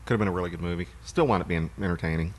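A man's voice: low-pitched, rapid-fire, a little hiss or hum. A man co-hosting a casual talk show, rambling through movie recaps with plenty of fillers. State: hiccuping. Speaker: podcast co-host. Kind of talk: casual chat.

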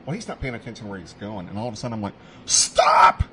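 A man's voice: fairly low pitch, racing, very noisy. A man co-hosting a podcast, telling a profane story in casual chat, often laughing. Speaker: podcast co-host.

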